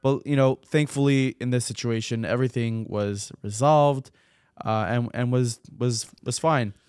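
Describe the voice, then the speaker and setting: A man's voice: mid-range voice, a little slow, a little mellow, clear, resonant tone, dry recording. Chatty man hosting a talk podcast, dry sound. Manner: conversational, repeats words while gathering thoughts. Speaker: podcast host. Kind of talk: casual podcast chat.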